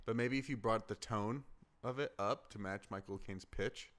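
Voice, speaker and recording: A man hosting a casual comedy podcast, animated and laughing often between remarks. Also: fairly low pitch. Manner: laughing often, animated, quick to jump into voices. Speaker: podcast host.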